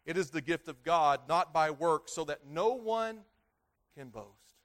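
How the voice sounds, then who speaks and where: A man preaching a sermon, repeating himself and restarting phrases, swinging between loud stresses and quiet, low endings. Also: lively intonation, unhurried. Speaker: pastor.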